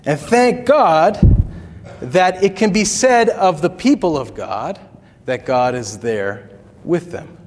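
A man's voice: on the high side, animated, takes it slowly, slight background noise. A man preaching a sermon as pastor, conversational, with asides and small chuckles. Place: church sanctuary. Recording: long reverb of a hall.

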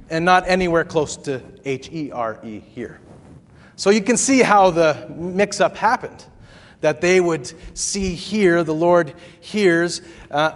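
A man preaching a sermon as pastor, conversational, with asides and small chuckles. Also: fairly high pitch. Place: church sanctuary. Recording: long reverb of a hall.

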